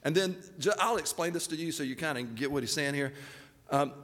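A man's voice: fairly high pitch, brisk, a bit bright. Middle-aged male pastor, chatty anecdotal preaching, reverberant sanctuary sound. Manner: folksy, anecdotal, laughs at his own stories. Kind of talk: sermon with storytelling. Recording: reverberant hall.

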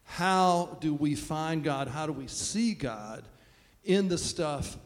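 A man's voice: fairly high pitch, slow pace. A man preaching a sermon as pastor, talking in a conversational, self-deprecating way. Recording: long reverb of a large hall.

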